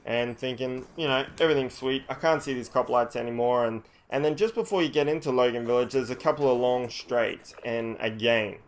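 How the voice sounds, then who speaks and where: A man telling a personal story casually, animated and swearing, with frequent restarts. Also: medium pitch, a little fast, hardly any pauses, slight background noise.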